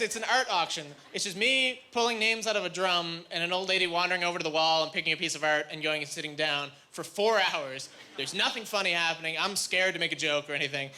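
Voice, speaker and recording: A man from Canada doing stand-up comedy, rambling through self-deprecating stories with quick asides, recorded live. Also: sits high, noisy background. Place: comedy stage before a live audience. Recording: live club recording with loud crowd.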